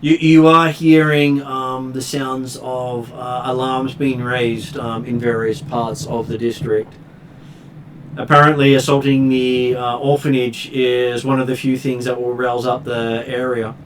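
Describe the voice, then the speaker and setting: A man's voice: mid-range voice, little pitch movement, measured pace, very echoey. A man narrating a tabletop game as game master and patiently explaining the rules. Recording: distant mic with faint noise.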